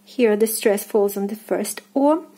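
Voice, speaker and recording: Russian woman language teacher, Russian accent, unhurried, mellow tone, patient drilling. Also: mid-range voice. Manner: patient, repeats words slowly, hesitant fillers. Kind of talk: pronunciation lesson.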